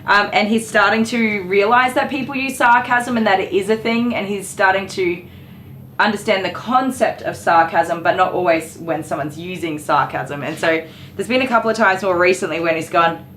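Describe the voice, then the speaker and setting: A middle-aged woman who works as a dog groomer and chats casually while she works. She is dry and sarcastic, laughs often, and gently scolds the dog on the table. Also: medium pitch, normal speed. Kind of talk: casual chat while working. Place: grooming salon indoors. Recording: echoey room with clipper noise. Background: electric clippers buzzing.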